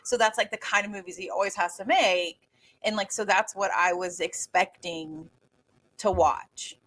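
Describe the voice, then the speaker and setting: A woman's voice: mid-range voice, fairly even intonation, normal speed, a bit bright. A woman co-hosting a casual movie podcast, rambling and searching for words. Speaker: podcast co-host.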